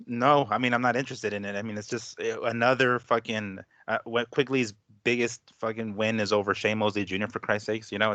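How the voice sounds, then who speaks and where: A man's voice: fairly low pitch, pushed and bright, no room sound. A man on a boxing podcast panel, rambling and swearing freely with lots of fillers. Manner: rambling, profane, full of fillers. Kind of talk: casual boxing talk.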